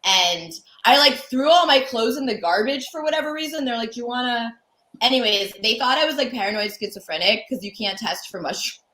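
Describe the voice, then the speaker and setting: Bright-voiced woman telling wild stories. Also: on the high side, expressive, brisk, reverberant, a little hiss or hum, low-quality recording. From Connecticut, USA. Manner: chatty, peppered with "like", acts out quoted lines. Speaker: guest comedian. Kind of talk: candid storytelling interview.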